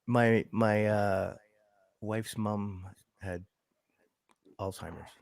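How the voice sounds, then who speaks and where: A middle-aged man in casual chat, speaking in hesitant, halting bits and short agreements. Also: on the low side, fairly even intonation, gravelly, no echo.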